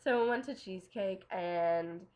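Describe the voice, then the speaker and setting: A woman's voice: mid-range voice, a little slow, a little mellow. Chatty young woman telling a story. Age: young adult. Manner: chatty, lots of "like" and "um" fillers. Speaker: vlogger. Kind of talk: casual storytelling to camera.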